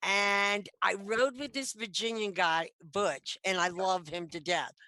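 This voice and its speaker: A middle-aged woman, a metal detectorist guest on a video call, telling stories in a lively, chatty way. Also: medium pitch, a little slow, dry recording. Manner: animated, chatty, acts out quoted lines. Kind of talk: casual storytelling. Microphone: computer mic on video call.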